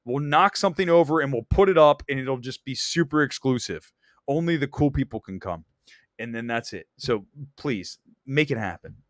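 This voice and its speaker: A man hosting a casual movie talk show, ranting with animated enthusiasm and some swearing. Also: medium pitch, moderate pace, no room sound, studio quality. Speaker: show host. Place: Los Angeles area.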